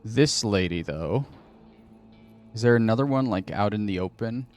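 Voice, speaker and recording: A man's voice: lowish voice, expressive, moderate pace, soft background music. A man hosting a gaming channel, thinking aloud and muttering to himself in casual commentary while he plays.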